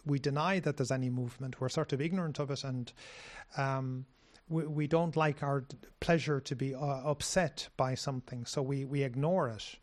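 A man speaking as a meditation teacher in a dharma discussion, reflective and hesitant, with frequent pauses and restarts. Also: mid-range voice, steady tone.

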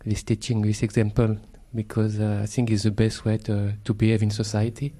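A French-accented Buddhist monk speaks English in a mellow, dark tone. He is courteous and unhurried, and often pauses on "uh" while he gathers his words. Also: fairly low pitch, monotone. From France. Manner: polite and hesitant, with many fillers.

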